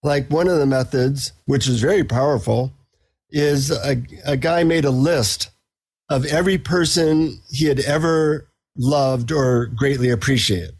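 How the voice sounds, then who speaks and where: A middle-aged man, a psychotherapist and author, chatting as a podcast guest and telling anecdotes in a relaxed, self-deprecating way. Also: medium pitch, unhurried, slightly rough. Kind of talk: casual interview storytelling.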